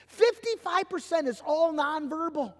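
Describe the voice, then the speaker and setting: High-voiced animated male preacher. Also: unhurried. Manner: animated, emphatic preaching with acted-out quotes. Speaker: pastor. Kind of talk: sermon. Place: church sanctuary. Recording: long church hall reverb.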